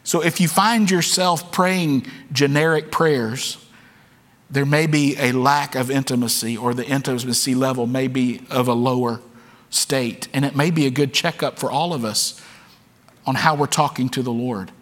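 A man's voice: medium pitch, steady tone, normal speed, a bit bright. A man preaching a sermon to his church, speaking earnestly and candidly, often repeating words as he goes. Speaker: pastor. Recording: long hall reverb.

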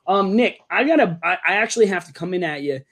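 A man's voice: high-pitched, quick pace. A young man co-hosting a casual podcast, ranting and joking with his co-host, tagging lines with "okay?". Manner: ranting, animated, says okay often.

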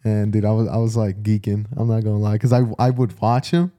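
Young man, podcast co-host, casual chat, rambling, dark mellow voice, dry close sound. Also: fairly low pitch, fairly quick, dry recording. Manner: rambling, laid-back, trailing restarts.

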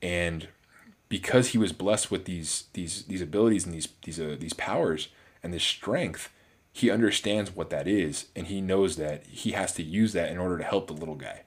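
A man's voice: low voice, moderate pace, slightly rough. A man giving a casual solo movie review, rambling with many restarts and fillers. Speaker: film reviewer.

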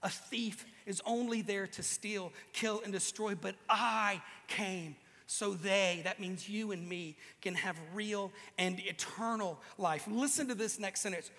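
A man preaching a humorous sermon to a live audience, animated and joking, acting out the voices he quotes. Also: sits high, a little slow, few pauses, big-room sound. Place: large hall with an audience.

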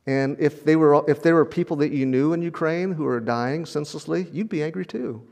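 A man's voice: medium pitch, moderate pace, a little mellow. An older man preaching a sermon in a conversational, storytelling way, often repeating words and chuckling. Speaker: pastor.

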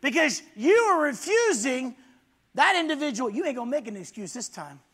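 High, bright-voiced fiery male preacher. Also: sing-song, moderate pace. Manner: swings from low intense murmur to loud shouting. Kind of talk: fiery sermon. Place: church.

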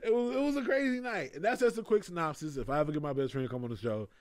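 A man's voice: fairly high pitch, racing, no room sound. A young man telling a story in casual chat, laughing often and acting out the voices of people in it. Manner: animated, laughing often, acts out voices in quotes. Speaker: comedian guest.

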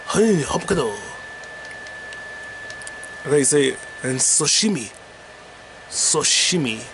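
A man's voice: medium pitch, lively intonation, slow, long pauses, background noise. A man hosting a rambling solo podcast while gaming, talking loosely and profanely with sing-song asides. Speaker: podcast host.

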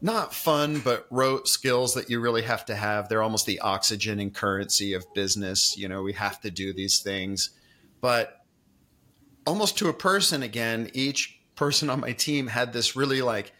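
Bright-voiced male podcast host. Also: medium pitch, normal speed. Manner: chatty, thinks aloud with frequent restarts. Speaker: podcast host interviewing a guest. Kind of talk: casual interview conversation.

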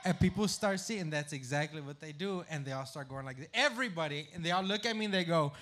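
A man with a high, bright voice tells a profane story in loose podcast chat. His pitch swings widely as he shouts out the lines of the people around him. A layer of noise sits under the recording. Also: animated, fast talker. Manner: loud, profane, acts out crowd voices. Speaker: podcast guest.

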